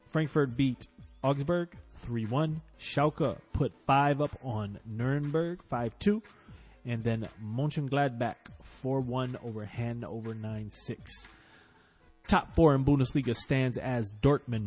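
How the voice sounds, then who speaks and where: A man talks through the weekend's football results in a loose, casual chat. He swears freely, and his voice jumps up and gets loud whenever a team frustrates him. Faint music plays underneath. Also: mid-range voice. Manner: animated, swearing, swings loud when frustrated. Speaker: podcast host.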